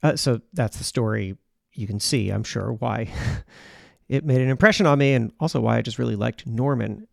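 A man's voice: medium pitch, moderate pace, no echo, clean studio sound. A man hosting a podcast, reflecting on a story he has just played for listeners. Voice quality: gravelly. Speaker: podcast host.

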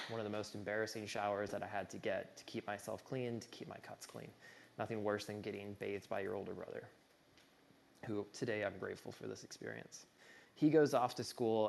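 Gravelly young man telling his story. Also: lowish voice. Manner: earnest, conversational, with many "like" fillers. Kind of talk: personal storytelling talk.

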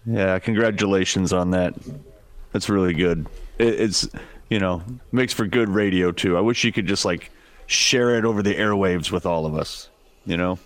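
Teasing low-voiced radio co-host. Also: male voice, moderate pace, no room sound. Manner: teasing, playful. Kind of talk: casual sports radio chat.

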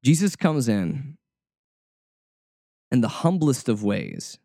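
A man's voice: medium pitch, wildly swooping pitch, takes it slowly, gravelly, mellow, no echo, clean studio sound. A male preacher giving a conversational sermon, informal and often repeating words as he searches for the next one.

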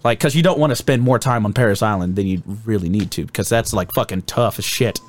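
A man's voice: on the low side, quick pace. A young man chatting casually on a podcast, swearing a lot and laughing as he acts out his drill instructors. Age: young adult. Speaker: podcast guest telling boot camp stories.

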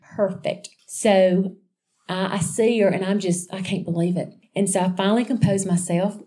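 A woman sharing a personal faith testimony in a chatty, animated storytelling way, calling her listeners y'all. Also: medium pitch, moderate pace. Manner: chatty and animated, addressing listeners as y'all, with frequent restarts and asides.

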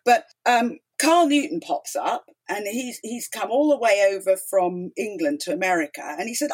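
A woman's voice: medium pitch, moderate pace, hardly any pauses, breathy edge. A middle-aged woman, a talk show host as guest, telling stories emphatically and acting out quotes in a chatty interview. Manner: animated, emphatic, acts out quotes. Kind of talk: storytelling interview chat.

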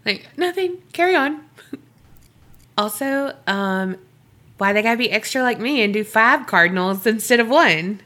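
A woman co-hosting a podcast, bantering with quick laughs and reading a listener's email aloud. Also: mid-range voice. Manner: giggly, animated, quick banter. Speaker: podcast co-host.

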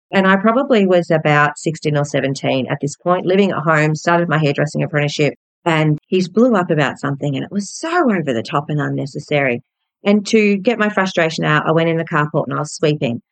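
A blunt, candid Australian woman in her forties recounts a family story in a personal, storytelling way, swearing freely. Her voice sits on the low side. The sound is dry and close, with no room around it. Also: dry recording, rough recording. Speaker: podcast host.

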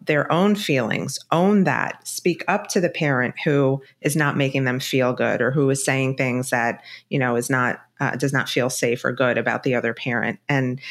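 A middle-aged woman, a divorce specialist and author, giving frank, reassuring advice as a guest in a podcast interview. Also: rumbling low.

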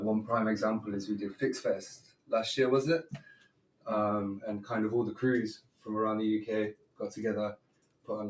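A man speaks in a relaxed, slangy way with many ums. His low voice comes from away from the mic in a roomy space. Faint ambient noise sits behind him. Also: recorded from a distance. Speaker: podcast guest. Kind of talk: casual chat.

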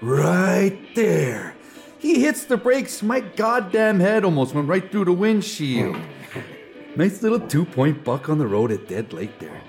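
An actor with a Canadian accent playing a joking, rambling unemployed drinking buddy in a stage play. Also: male voice, sits high, sing-song, a little slow, soft background music, full character voice. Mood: storytelling. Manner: teasing, rambling storyteller.

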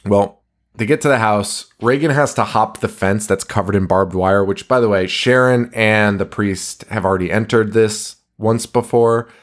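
A man's voice: fairly low pitch, moderate pace. A man casually retelling a movie's plot on a podcast, swearing and laughing as he goes. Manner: animated, swearing, laughing while retelling scenes. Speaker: podcast co-host. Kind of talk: casual movie recap chat.

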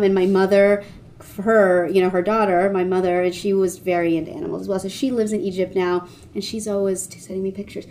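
A woman's voice: medium pitch, brisk, darkish tone, a little hiss or hum. A woman, a veterinary oncologist from Washington, D.C., telling her story in a casual interview in a chatty, rambling way, full of fillers and restarts, and often acting out what other people said. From Washington, D.C., United States. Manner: acts out quoted voices of others.

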